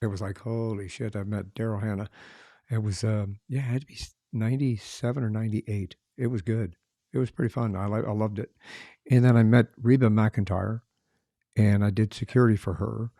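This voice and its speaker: A man's voice: lowish voice, steady tone, brisk, vocal fry, dark tone, no room sound, clean studio sound. A man hosting a podcast, telling easygoing, rambling anecdotes in conversation. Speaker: podcast host. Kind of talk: conversational interview.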